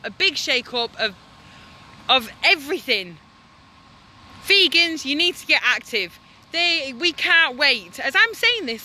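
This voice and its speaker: A woman's voice: sits high, bright, forceful tone. A woman activist delivering an angry, impassioned vlog monologue outdoors by a slaughterhouse in the hail and rain. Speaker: animal rights activist.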